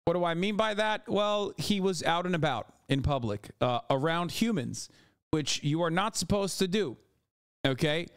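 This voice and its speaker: A man's voice: a little high, expressive, moderate pace, clear, resonant tone, dry recording, clean studio sound. A man streaming live, reacting to clips with mocking, exasperated, profane commentary.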